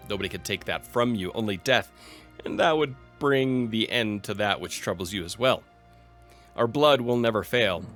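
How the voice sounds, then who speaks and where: A man reading aloud the part of a calm Spartan wife, reassuring her husband in a gentle way. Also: lowish voice.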